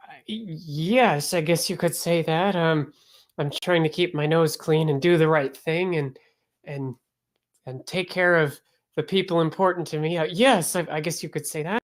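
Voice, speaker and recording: A woman's voice: low voice, moderate pace, lightly acted. Woman voicing a flustered young leopard guy, stammering, earnest.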